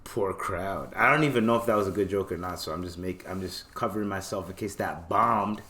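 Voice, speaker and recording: A man's voice: low-pitched, fairly quick, bright, forceful tone. A man from Canada hosting a podcast in casual chat, joking, slangy and self-mocking. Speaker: podcast host.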